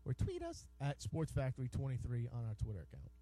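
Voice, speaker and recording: A man's voice: medium pitch, huge pitch swings, quick pace, mellow, no room sound. A man hosting a casual internet sports radio show, joking and teasing his co-host and often stumbling over his words. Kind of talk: casual bantering sports talk. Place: radio studio.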